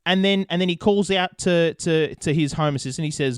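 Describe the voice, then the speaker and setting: A man's voice: fairly high pitch, fast, few pauses, no room sound, clean studio sound. A young Australian man hosting a podcast, telling a rambling story with plenty of swearing in casual chat. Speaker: podcast host.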